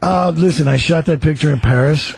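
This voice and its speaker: A man's voice: on the high side, brisk, gravelly, darkish tone, a little hiss or hum. A man who is a guest actor on a radio talk show, chatting casually in a laid-back, drawling way.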